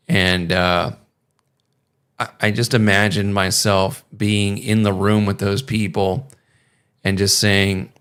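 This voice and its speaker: A man's voice: on the low side, fairly even intonation, takes it slowly, fairly bright tone, clear, resonant tone. A young man chatting casually on a stream, rambling and swearing with many fillers. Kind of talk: casual chat.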